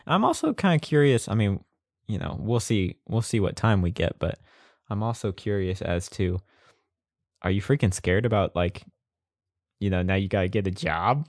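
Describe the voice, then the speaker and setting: A man's voice: lowish voice, lively intonation, normal speed, no room sound, studio quality. A young man co-hosting a casual podcast chat, laid-back and rambling. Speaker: podcast co-host.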